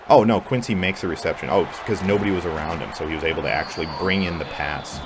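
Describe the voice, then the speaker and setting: A young man with a low, expressive voice commentates his own video game match play-by-play at a quick pace, barely pausing. He's sarcastic and frustrated, swears a lot, and is prone to angry outbursts, with game music clearly audible behind him.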